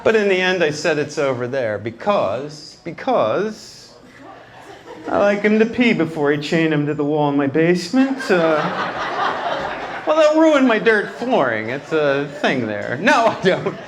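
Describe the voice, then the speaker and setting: Animated stand-up man, high lively voice. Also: a little slow. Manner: animated, acts out quotes. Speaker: stand-up comedian. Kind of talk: stand-up comedy set. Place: night club stage. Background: laughing crowd.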